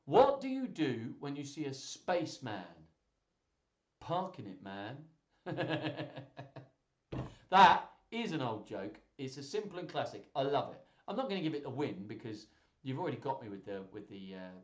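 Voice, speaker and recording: A man's voice: medium pitch, sing-song, moderate pace, echoey room. A man hosting a live children's joke stream, chatting casually and laughing as he reads jokes aloud.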